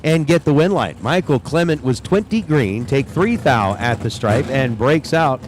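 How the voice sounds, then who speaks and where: A man's voice: medium pitch, expressive, measured pace, slight background noise. A man calling drag races live at the track, chatting and joking between runs. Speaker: drag race announcer. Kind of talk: live race commentary. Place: outdoors at a racetrack.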